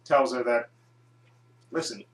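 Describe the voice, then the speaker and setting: A man's voice: mid-range voice, flat delivery, slow, roomy sound, low-quality recording. A man giving a casual, rambling recap and review of a TV episode, often restarting his sentences. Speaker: video reviewer.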